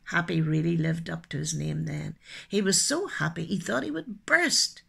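A woman telling children's stories expressively, dropping into soft hushed asides. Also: fairly low pitch, normal speed, vocal fry, slight background noise. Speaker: storyteller and poet. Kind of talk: children's storytelling.

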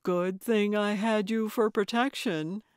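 A woman's voice: medium pitch, steady tone, takes it slowly, a little mellow, clear, resonant tone, dry recording, studio quality, natural voice. A woman doing a syrupy, smug woman. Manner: syrupy, sweet. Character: sugary, smug woman houseguest.

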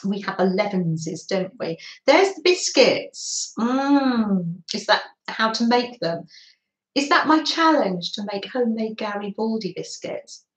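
A woman's voice: mid-range voice, expressive, measured pace. A middle-aged British woman hosting a live art stream, chatting casually with viewers and laughing often. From Britain. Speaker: livestream art host. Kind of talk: casual livestream chat. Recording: roomy echo.

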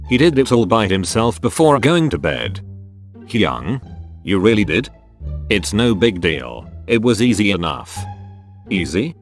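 A man narrates a text-message story, switching between the chat characters as he reads. His voice sits a little low and swings widely up and down, with soft music playing behind him. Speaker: fan fiction narrator.

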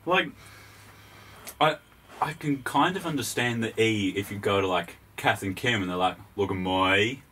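A man's voice: on the low side, normal speed, pauses often, fairly bright tone, slightly rough. A man with an Australian accent co-hosting a podcast in casual chat, laughing often and swearing freely. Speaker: podcast co-host.

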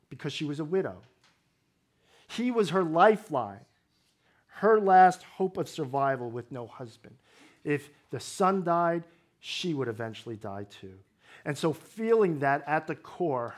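A man preaching a sermon in a slightly high voice, walking through scripture in a conversational way. Touches of wry humor ease the explanations. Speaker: pastor.

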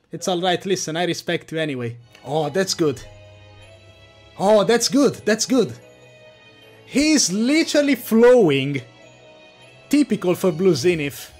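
A male streamer with a high-pitched voice gives live reaction commentary, bursting into excited shouts then dropping to low mutters. He talks in an unhurried way, with faint music playing behind him.

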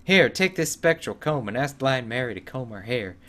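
A helpful dwarf craftsman voiced by a man in a raised, theatrical register, speaking louder than his everyday talk. He reads quest dialogue with stagey earnestness, as if inside a video game. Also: medium pitch, lively intonation, moderate pace, pitched above the performer's own voice, lightly acted. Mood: earnest. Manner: theatrical quest-text reading.

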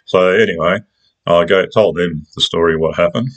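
This is a man with an Australian accent and a low, deep voice, telling a personal story. He talks in a casual, colloquial way, rambling and restarting his sentences as he goes. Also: moderate pace.

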